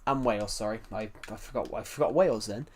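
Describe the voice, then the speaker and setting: A young man from southern England, with a southern English accent, chats casually on a game live stream. His voice is fairly low, husky and darkish, and he talks fast, rambling through viewer comments and repeatedly restarting phrases.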